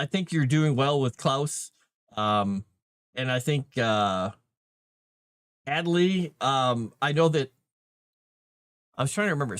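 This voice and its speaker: Casual male livestream host, middle pitch, rambling and chatty, close dry sound. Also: fairly bright tone, no echo. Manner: rambling, chatty, with many fillers and restarts. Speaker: livestream host and game master.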